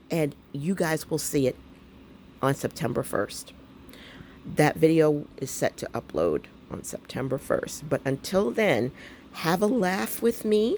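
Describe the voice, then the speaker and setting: Lively woman chatting to camera. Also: deep voice, unhurried, slight background noise. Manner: animated storytelling, frequent laughter, talks to viewers as y'all. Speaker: craft vlogger. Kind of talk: casual chat to camera. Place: at home.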